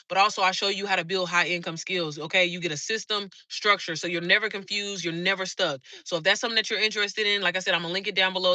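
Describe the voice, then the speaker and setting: A woman's voice: on the low side, bright, forceful tone, no echo. A woman coach talking to viewers on a live stream, fired up, blunt and full of swearing. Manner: fired-up, blunt and heavily profane. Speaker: online business coach.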